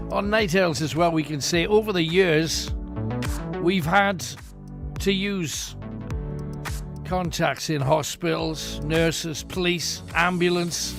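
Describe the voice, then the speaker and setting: A chatty, joking man hosts a late-night radio phone-in, his voice pitched high. He coaxes callers along in a loose, friendly patter. Music plays clearly behind him. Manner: chatty, jokey, coaxing.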